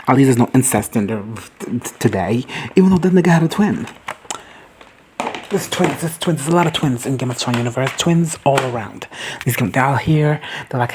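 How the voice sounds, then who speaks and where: Husky voice ranting through a TV recap. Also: medium pitch, expressive, moderate pace, a little mellow, poor audio. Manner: rambling, profane and joking. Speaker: TV show recap commentator. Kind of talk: casual comedic recap.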